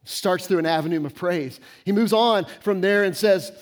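A man's voice: sits high, normal speed. A man in his forties preaching a conversational sermon, sprinkling in casual fillers and dropping at times to a near whisper. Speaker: pastor.

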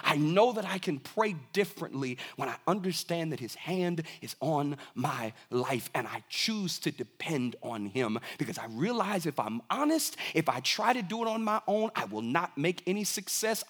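A young adult man preaching a sermon as a pastor, moving from soft, low asides to raised, emphatic lines. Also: very animated, normal speed, few pauses, breathy edge.

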